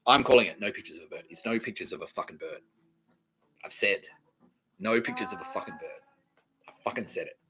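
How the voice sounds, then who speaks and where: A man hosting a podcast, rambling through a profane monologue that swings from low mutters to loud outbursts. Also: expressive, fairly quick, pauses often, a little hiss or hum, rough recording. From Australia. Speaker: podcast host.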